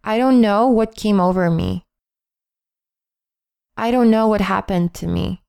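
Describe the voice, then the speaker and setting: A woman reading a list of English phrases in a calm, measured way, with deliberate pauses between them. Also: mid-range voice, creaky, clear, resonant tone, no echo, clean studio sound. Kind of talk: slow read-aloud phrase list.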